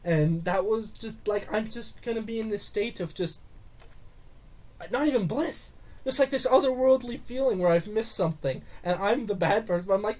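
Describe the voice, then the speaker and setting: A man's voice: high voice, normal speed. Male podcast co-host, rants and swears about films in loose casual talk. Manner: animated ranting with swearing. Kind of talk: casual movie review chat.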